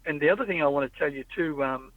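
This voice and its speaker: A man's voice: on the high side, quick pace, no room sound. A man chatting casually in a car, rambling through stories and quoting the people in them. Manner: rambling storyteller, acts out quoted people. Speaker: podcast host. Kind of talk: casual chat. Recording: tinny phone-like audio, dry.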